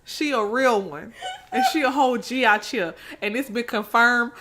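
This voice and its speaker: A woman's voice: fairly high pitch, pushed and bright, slight background noise. A young woman co-hosting a casual chat podcast, telling funny stories with lots of laughter. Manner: storytelling with laughter, quick asides. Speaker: podcast co-host.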